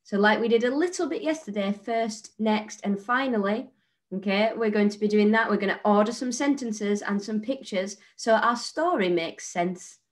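A female primary teacher with a British accent records a lesson for young children. She speaks clearly and patiently, at a middling pitch, and keeps checking that they follow along. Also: normal speed. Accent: British English. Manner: clear, patient and encouraging, often checking with "okay?".

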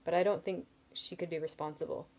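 Brief: earnest young hero read by a woman, mellow lowish tone, a bit defensive. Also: steady tone, a little fast, creaky. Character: hot-headed young man, story's first-person hero.

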